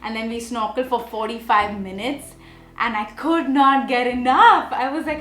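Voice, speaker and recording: A young woman vlogging in a chatty, animated way, giving a makeup tutorial and telling stories. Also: on the high side, normal speed, roomy sound. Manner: chatty, animated, often asks okay?. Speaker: beauty vlogger. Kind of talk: casual makeup tutorial and storytelling.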